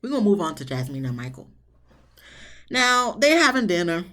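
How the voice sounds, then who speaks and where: A reviewer recapping a reality show episode in a blunt, sassy, casual way, swearing freely and jumping into high, exasperated tones. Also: very animated, normal speed, bright, forceful tone. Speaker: TV show reviewer, channel host.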